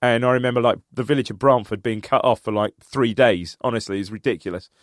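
A man from England co-hosting a casual football podcast, reminiscing about old matches and getting animated as he recalls them. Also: medium pitch, fast, dry recording, clean studio sound. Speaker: podcast co-host.

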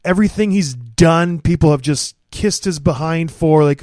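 A man hosting a casual podcast, blunt and opinionated, who slips into sarcastic mockery. His voice sits fairly high for a man. The sound is dry and close, with no room tone. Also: moderate pace, few pauses, darkish tone, no room sound. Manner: blunt, opinionated, mocking ranter. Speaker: podcast co-host. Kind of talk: casual hockey podcast chat.

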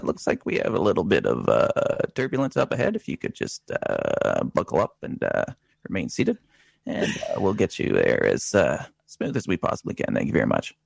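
A man playing an airline first officer giving a calm cabin announcement, halting with fillers. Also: low voice, gravelly, slightly rough, no room sound, studio quality, heavily acted.

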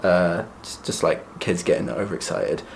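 A man's voice: low-pitched, lively intonation, normal speed, gravelly, slight background noise. A man co-hosting a podcast in casual chat, recapping a play with a dry, teasing wit. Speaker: podcast co-host.

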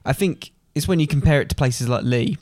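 A man's voice: on the high side, a little fast, darkish tone, no room sound. A young man with an Essex estuary accent, co-hosting a podcast in a chatty, teasing way, often hesitating with ums. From England. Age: young adult. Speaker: podcast co-host. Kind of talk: casual chat.

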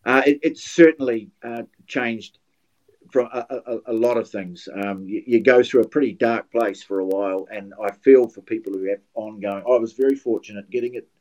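A man's voice: on the low side, normal speed, darkish tone, highs cut off. An older man with a New Zealand accent, a guest commentator telling anecdotes in casual podcast chat, often restarting his sentences. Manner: anecdotal storyteller with many restarts.

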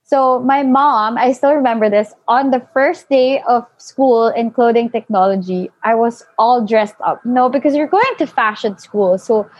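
A young woman telling a personal story in casual chat, full of fillers and animated quoting. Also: fairly high pitch, moderate pace, hardly any pauses, dry recording. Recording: dull lo-fi, dry.

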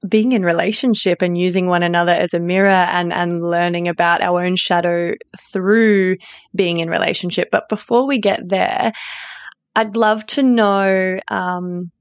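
A woman's voice: lowish voice, fairly even intonation, a little slow, clear, resonant tone, no room sound. A woman hosting a podcast, asking questions in a thoughtful way and searching for her words as she goes. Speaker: podcast host. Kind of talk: interview conversation.

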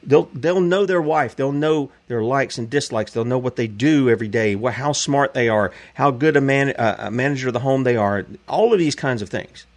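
A man's voice: mid-range voice, moderate pace, hardly any pauses. A man hosting a show, giving emphatic preacherly commentary.

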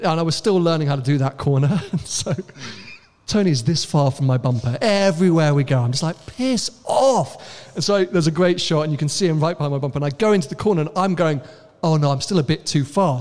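Chatty man, higher voice. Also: fast, darkish tone. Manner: chatty, laughing, jokey storytelling. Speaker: podcast co-host. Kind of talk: casual chat before a live audience.

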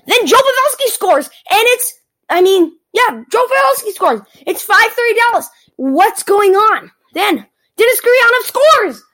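A woman excitedly recapping a hockey game in a playful, teasing monologue, exclaiming often. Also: very high-pitched, poor audio.

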